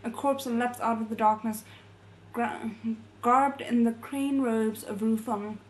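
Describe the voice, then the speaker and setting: A woman reads a novel aloud for a readalong. Her voice sits a little high, and she often stops to correct a word. She cuts in with amused comments on the story. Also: steady tone, measured pace, poor audio. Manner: reads aloud with laughing off-script asides and self-corrections. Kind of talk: casual novel readalong with asides.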